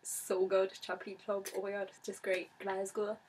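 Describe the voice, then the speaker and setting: Chatty young woman vlogger, flat pitch. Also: normal speed, slight background noise, poor audio. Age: young adult. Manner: chatty, bubbly. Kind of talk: casual chat to camera.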